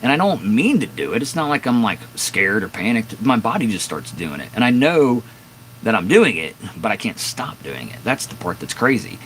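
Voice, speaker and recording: A man's voice: fairly low pitch, very animated, normal speed, fairly bright tone, slight background noise, rough recording. A man in his fifties casually telling a long, candid story on a live stream from his garage, rambling with fillers and restarts. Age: 50s. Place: home garage with door open at dusk.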